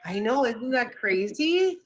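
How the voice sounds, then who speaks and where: Slow-talking, easygoing woman host. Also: on the high side, very animated, highs cut off. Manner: easygoing, encouraging. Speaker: stream host. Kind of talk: casual interview chat.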